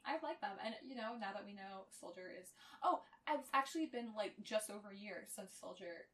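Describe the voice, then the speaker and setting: A woman's voice: mid-range voice, expressive, normal speed, a bit bright, far from the mic. A young adult woman on a podcast, chatting casually and reading fan fiction aloud, chatty and giggly with lots of fillers. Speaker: podcast co-host.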